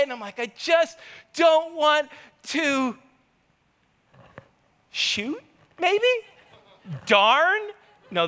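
A man with a high, bright voice preaches to his congregation, turning the sermon into lively, chatty storytelling. His voice rings through a long hall reverb in a church sanctuary. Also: smooth. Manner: animated, conversational, engages the audience. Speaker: pastor.

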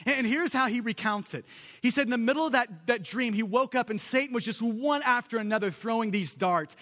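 A man's voice: very high-pitched, fairly quick, pushed and bright. A man preaching a sermon with emphasis, building lists of repeated phrases. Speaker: pastor. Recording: long hall reverb.

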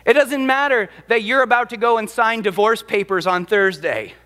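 High-voiced pastor preaching in a hall. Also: male voice, normal speed, sharp tone. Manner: emphatic, dramatic, acts out quotes. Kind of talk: sermon. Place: church sanctuary. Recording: long reverb of a large hall.

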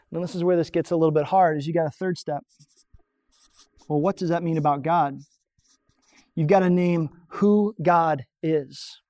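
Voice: medium pitch, normal speed, a little mellow, no room sound. Plain-spoken preacher, dry close sound. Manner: explains points on a drawn diagram, asks rhetorical questions. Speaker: pastor. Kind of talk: conversational sermon.

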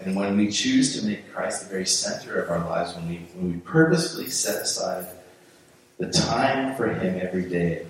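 A man's voice: sits low, a little hiss or hum. A man preaching a sermon as pastor in a church, speaking conversationally with frequent restarts and repeated words. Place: church sanctuary. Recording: very echoey room, voice from far off.

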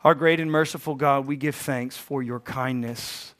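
A man in his forties, hoarse from a bout of bronchitis, preaches to his congregation. He mixes playful asides with loud, emphatic peaks. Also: mid-range voice, steady tone, moderate pace. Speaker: pastor. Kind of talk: sermon.

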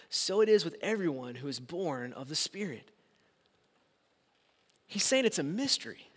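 A man's voice: extremely high pitch, fairly bright tone. A man preaching a sermon as pastor in a church sanctuary, with emphatic swings in volume. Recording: reverberant hall sound.

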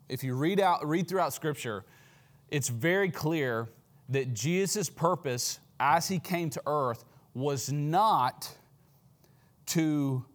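A male pastor delivering a sermon with a mid-range voice. He talks through the passage casually, full of fillers and quick restarts. His tone stays conversational rather than formal. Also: medium pitch.

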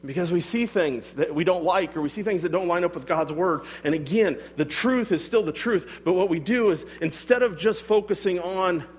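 A man's voice: fairly high pitch, long reverb tail. A man preaching a sermon in a casual, emphatic way, full of rhetorical questions. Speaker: pastor.

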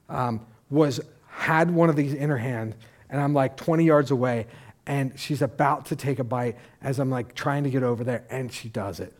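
A middle-aged male pastor preaching a sermon, telling a story in a casual, animated way with asides and restarts. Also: mid-range voice.

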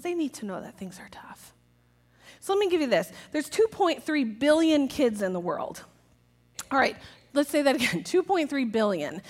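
A woman giving a jokey, lively talk to a church audience about children's ministry, acting out quotes in a raised voice. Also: fairly high pitch.

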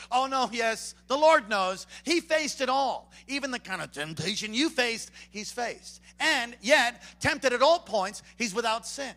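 A man preaching a sermon to a congregation, swinging from hushed asides to loud, animated bursts. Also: very high-pitched, measured pace, hardly any pauses. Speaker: pastor. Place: church before a congregation.

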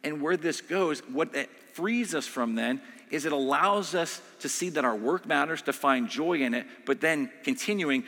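A man preaches a sermon in a bright, clear voice. He talks to the congregation in a loose, conversational way and keeps checking in with "right?" The sound rings on in a large hall. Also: medium pitch. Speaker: pastor.

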